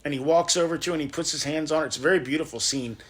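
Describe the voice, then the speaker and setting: Animated man retelling a story. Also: a little high, racing. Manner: emotional storyteller, acts out quoted lines. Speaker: podcast host. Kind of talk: casual podcast chat, animated retelling.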